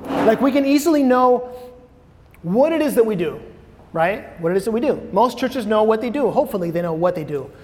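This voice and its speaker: A man's voice: sits high, lively intonation, fairly quick. A man giving a conversational sermon to a church audience, repeating key phrases and putting questions to the room. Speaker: preacher. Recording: long hall reverb.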